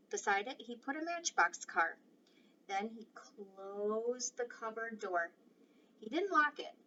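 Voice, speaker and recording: A woman reading a children's novel aloud in an expressive, varied way. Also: mid-range voice. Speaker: reader. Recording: distant dull mic with faint noise.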